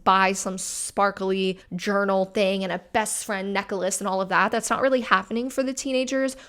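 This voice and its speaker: A woman's voice: medium pitch, steady tone, moderate pace, a bit bright. A woman hosting a commentary video, talking in a chatty, conversational way. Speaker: commentary host. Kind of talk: reaction commentary.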